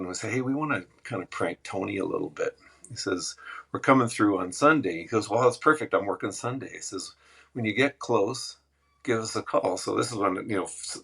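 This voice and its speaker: A man, a musician guest, casually telling animated road stories and acting out the people in them. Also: deep voice, gravelly, slightly rough. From Western Canada. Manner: animated, laughing anecdotes with acted quotes. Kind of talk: casual storytelling.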